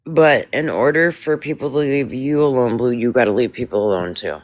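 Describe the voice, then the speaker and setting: A man hosting a live stream, calmly mediating an argument between callers. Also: mid-range voice, a little fast, no room sound. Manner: calm, mediating, tells speakers to hold on. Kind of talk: moderating a live stream dispute.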